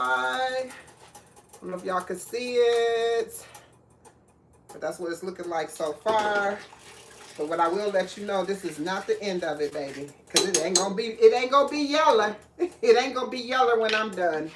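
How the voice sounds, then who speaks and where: A woman's voice: mid-range voice, lively intonation, moderate pace, long pauses, slight background noise. A woman hosting a live cooking stream, chatting casually with viewers and laughing often. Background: clinking dishes and cutlery.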